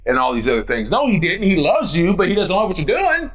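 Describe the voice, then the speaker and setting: A man preaching a sermon as pastor, emphatic and repetitive, swinging between loud declarations and hushed asides. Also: sits high, very animated, quick pace, few pauses, rough recording. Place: church.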